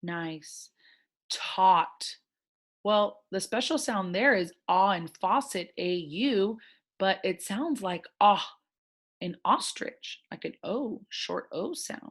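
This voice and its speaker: A woman teaching a first grade phonics lesson, sounding out words slowly in a gentle, encouraging way. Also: mid-range voice, animated. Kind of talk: recorded online phonics lesson.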